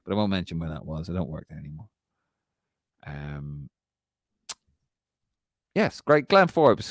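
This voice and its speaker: A man's voice: very deep voice, big pitch swings, unhurried, long pauses, no room sound, clean studio sound. A man co-hosting a casual podcast, swearing and laughing as he tells stories and reads listener questions. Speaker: podcast co-host.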